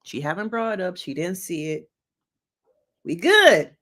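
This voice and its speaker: A woman's voice: on the low side, brisk, noisy background. A woman, a licensed therapist, giving casual reaction commentary on a reality show, talking straight to her viewers in a chatty, slangy, playful way.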